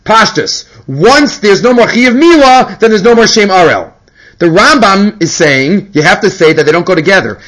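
A man giving a Torah lesson, moving quickly between Hebrew quotes and his own explanations in an animated way. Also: high voice, low-quality recording. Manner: animated, mixes Hebrew and English. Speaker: Torah teacher. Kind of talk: Talmudic lecture.

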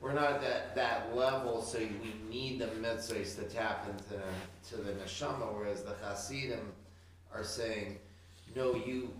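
Low-voiced man, far off in an echoey room. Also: steady tone, unhurried. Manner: searching, restarts often while working out a question. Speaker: student. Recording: distant mic in a very echoey room with faint noise.

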